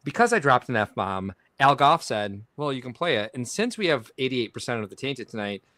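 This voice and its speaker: A middle-aged man co-hosting a casual podcast, reading viewer comments and tossing in jokey asides. His pitch swings a lot as he talks. The sound is dry and close to the mic. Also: very animated, normal speed, pushed and bright, no room sound. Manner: jokey, laughing, reads comments aloud with asides. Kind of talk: casual livestream chat.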